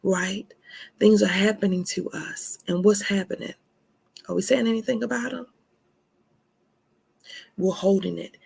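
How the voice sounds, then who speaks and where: A woman speaking gives an emphatic motivational talk on self-care. Her voice is gravelly and a little husky. She leans on words for emphasis and calls her listeners honey. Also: fairly low pitch.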